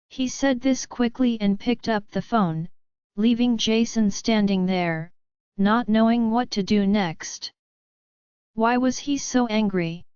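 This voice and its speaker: A woman narrates a scripted story slowly and with measured drama. Her voice is very smooth and clear at a middling pitch. The recording is dry and a bit dull. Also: darkish tone, no echo.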